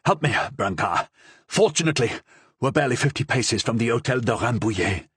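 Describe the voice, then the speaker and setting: A man voicing an eager, fussy gentleman who speaks in a brisk, obliging manner. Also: medium pitch, expressive, breathy edge, dry recording.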